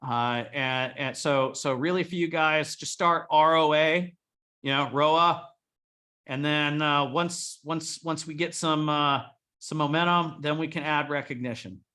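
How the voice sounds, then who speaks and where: Brief: male business coach, blunt and profane, pitched a bit high, with a forceful edge. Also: fairly even intonation, normal speed, few pauses. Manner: blunt and profane, rallying listeners. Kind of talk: coaching talk to a live group.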